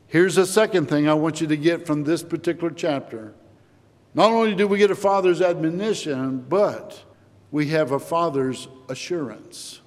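A man preaching a sermon, slow and deliberate, rising in emphasis as he quotes scripture to his congregation. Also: on the high side. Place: church sanctuary. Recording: long church-hall reverb.

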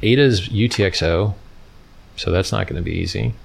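A man with a low voice and vocal fry speaks at a moderate pace. Hosting a casual livestream, he rambles and mocks, reading from his screen and talking with viewers in chat.

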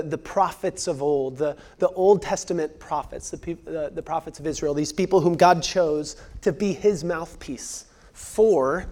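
A man in his thirties, a pastor delivering a sermon, earnest and repeating key phrases for emphasis, sometimes dropping to a hushed near-whisper. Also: fairly high pitch.

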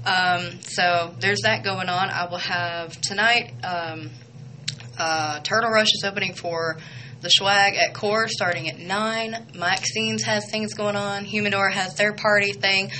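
A young woman hosting a radio show, chatting excitedly and rambling with lots of fillers. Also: medium pitch, unhurried, a little hiss or hum, low-quality recording. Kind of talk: casual chatty radio intro.

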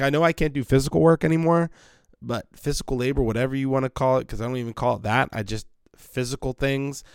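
This podcast host has a medium-pitched, creaky voice, captured cleanly with no echo as he talks from his basement. He rambles through a casual monologue, animated and blunt, cursing freely.

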